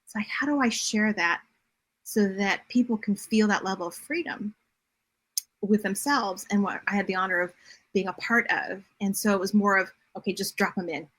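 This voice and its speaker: A middle-aged woman talking as a podcast guest, telling her story in a direct, animated way. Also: mid-range voice, moderate pace. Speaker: podcast guest, bodymind coach and writer. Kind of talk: casual interview chat.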